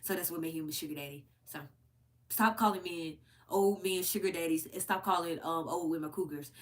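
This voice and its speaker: A woman hosting her own commentary channel, ranting bluntly and profanely to her viewers, her pitch leaping high whenever she gets worked up. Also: a little fast. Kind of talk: unscripted rant to camera.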